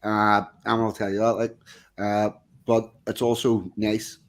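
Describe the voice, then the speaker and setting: Laid-back male streamer, lower voice, hesitant casual talk. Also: measured pace. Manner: relaxed, hesitant, many uhs. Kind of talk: casual chat.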